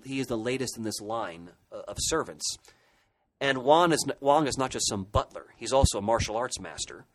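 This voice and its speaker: With poor audio, a man in a mid-range voice co-hosts a relaxed podcast. He recounts comic book history enthusiastically, meandering and restarting his sentences often.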